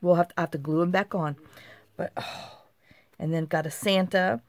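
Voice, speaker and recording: A middle-aged craft channel host with a lowish voice shows off handmade craft mail, speaking at a normal speed with fairly even intonation and no echo. She's chatty, talking to herself as she handles each piece and exclaiming often.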